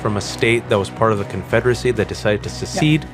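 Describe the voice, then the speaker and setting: A man's voice: on the low side, expressive, fast talker, over music. Earnest, self-mocking man in his forties. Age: 40s. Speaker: podcast guest. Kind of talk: candid conversational interview.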